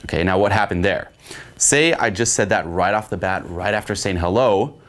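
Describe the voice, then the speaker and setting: A man's voice: on the low side, moderate pace, fairly bright tone. Casual, profane male dating coach. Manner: casual and profane, keeps checking in with "okay?". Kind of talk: instructional monologue.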